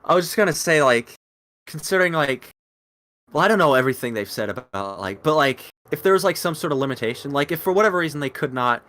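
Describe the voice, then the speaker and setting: A man's voice: a little high, expressive, a bit bright. Man stumbling through casual talk. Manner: halting, stumbling over words. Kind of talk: casual chat.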